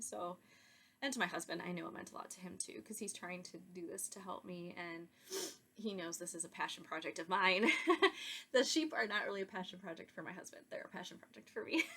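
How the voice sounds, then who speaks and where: A woman hosting her own podcast, talking casually and excitedly to viewers, rambling with asides and soft laughs. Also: mid-range voice, gravelly. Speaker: podcast host. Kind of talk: casual chat to camera.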